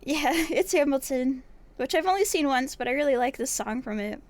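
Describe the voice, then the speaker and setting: Young woman streamer, high voice, casual chatty asides to her live viewers. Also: lively intonation, moderate pace. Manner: chatty asides between singing along to songs. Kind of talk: casual chat while crafting on a live stream.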